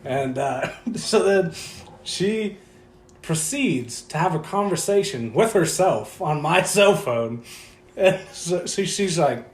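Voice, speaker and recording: A man's voice: a little high, animated, takes it slowly. Young male podcast co-host, crude, laughing storyteller, roomy echoey room. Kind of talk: casual chat. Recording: roomy echo, faint noise.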